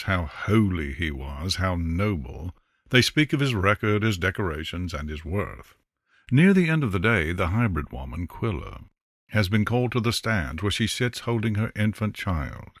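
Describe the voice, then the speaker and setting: A man narrating a fantasy novel in an unhurried, expressive storytelling manner. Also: deep voice, no echo, studio quality. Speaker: audiobook narrator. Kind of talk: scripted narration.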